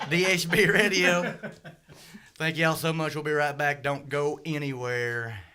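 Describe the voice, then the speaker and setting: A man's voice: a little high, steady tone, measured pace, bright, forceful tone, clear, resonant tone. A man hosting a radio show in a studio, chatting in a folksy, joking, rambling way. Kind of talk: casual radio chat. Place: recording studio.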